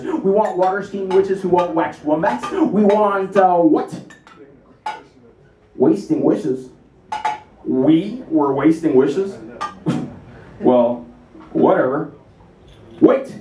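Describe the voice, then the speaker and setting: A man's voice: fairly high pitch, expressive, warm tone, slight background noise. A man giving a playful spoken-word performance, rattling off alliterative lines and telling a story on stage at a small café venue. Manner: quick playful alliterative recitation. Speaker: singer-songwriter performing live. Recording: roomy live recording from far off with guitar. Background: guitar playing.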